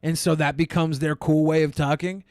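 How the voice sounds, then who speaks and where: A man's voice: fairly high pitch, flat delivery, moderate pace, a little mellow, no room sound, studio quality. A man co-hosting a podcast, chatting in a crude, mocking way and acting out voices. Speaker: podcast co-host. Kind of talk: casual comedic chat.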